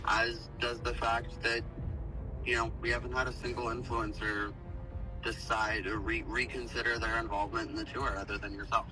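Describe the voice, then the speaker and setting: Distant calm man with music behind. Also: mid-range voice, moderate pace. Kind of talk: panel discussion. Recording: distant mic with music over it.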